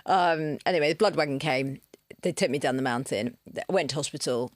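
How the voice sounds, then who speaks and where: A woman, a podcast guest telling stories in animated fashion, acting out quotes and swearing freely. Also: deep voice, brisk, no room sound, studio quality. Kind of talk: casual storytelling chat.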